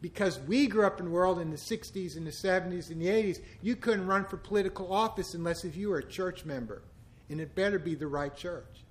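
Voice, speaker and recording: High-voiced pastor preaching passionately. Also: male voice, brisk. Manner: conversational, growing emphatic and impassioned. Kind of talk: sermon.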